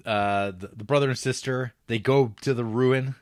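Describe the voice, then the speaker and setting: A man talks through a film plot in relaxed podcast chat, his voice sitting at an ordinary middle pitch. He keeps acting out the characters' lines in quick voices. The sound is dry and close, with no room echo. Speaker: podcast co-host. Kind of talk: casual film review chat.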